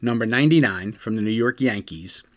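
A man's voice: lowish voice, fairly quick. A middle-aged American man telling stories in a loose, rambling monologue, full of fillers and restarts. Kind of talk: casual storytelling monologue.

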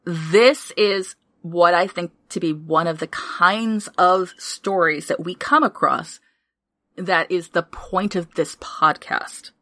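A woman co-hosting a podcast in casual chat, excitable, swearing freely and laughing often. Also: lowish voice, takes it slowly, dry recording. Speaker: podcast co-host.

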